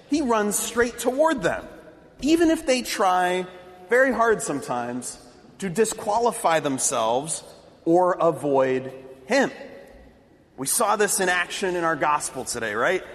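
Lively, high-voiced male preacher. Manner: storytelling, emphatic. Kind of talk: sermon. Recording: long hall reverb.

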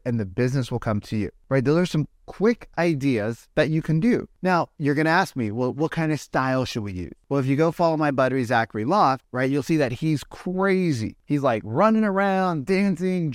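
Animated man coaching agents, dry sound. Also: on the high side, no room sound. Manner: animated, peppers lines with "right?". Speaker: real estate coach. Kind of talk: motivational talk to agents.

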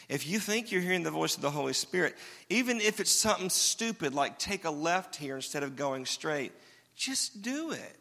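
A man's voice: on the high side, bright, forceful tone. A man preaching a sermon as pastor, talking conversationally and checking in with the congregation. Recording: long reverb of a large hall.

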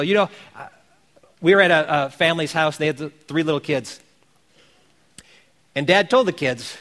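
High-voiced man preaching earnestly. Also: fairly bright tone, in a large hall. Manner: earnest, exhorting, repeats phrases for emphasis. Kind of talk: sermon.

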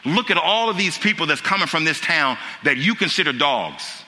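A man's voice: a little high, animated, normal speed, bright, forceful tone. A man pastor preaching a sermon in a church, impassioned, repeating key phrases and building to urgent questions. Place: church sanctuary. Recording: long hall reverb with music underneath.

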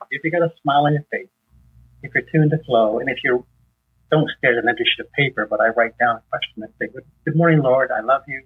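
A man with a husky voice, a guest in an interview, teaching on faith in a conversational way and animatedly acting out dialogue. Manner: animated storyteller, acts out dialogue with rising pitch. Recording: tinny phone-line sound.

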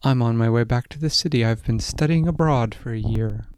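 A man voicing a calm, firm young woman traveler, speaking matter-of-factly. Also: medium pitch, fairly quick, smooth, no room sound, natural voice.

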